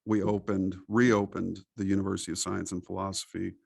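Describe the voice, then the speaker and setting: A middle-aged man from the United States, a podcast interview guest, talking in an animated, preachy storytelling way. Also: deep voice, a little fast, vocal fry, breathy edge, no room sound, studio quality.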